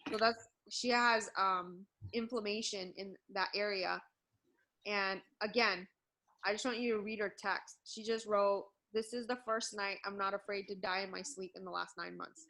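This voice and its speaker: A woman's voice: mid-range voice, steady tone, normal speed, bright, forceful tone, rough recording. A woman in her thirties giving an upbeat product presentation over a video call, breaking into short laughs as she talks. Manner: upbeat, laughs between words.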